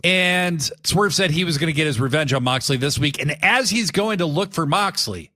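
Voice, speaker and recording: A male podcast host with a bright, forceful, slightly high voice. He retells the story eagerly and chats loosely with his co-hosts. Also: moderate pace. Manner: animated, storytelling. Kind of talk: casual chat.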